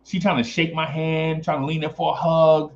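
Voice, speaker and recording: A man's voice: on the high side, moderate pace, dull audio, a little hiss or hum. A man casually telling a long story on a podcast, swearing and acting out the other voices. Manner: animated, swears, acts out voices.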